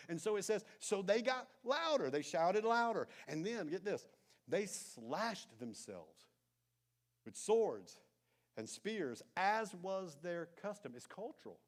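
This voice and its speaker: A man preaching a sermon as pastor, telling a story with animated emphasis and then dropping into soft, intense asides. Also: high-pitched, moderate pace. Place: church sanctuary.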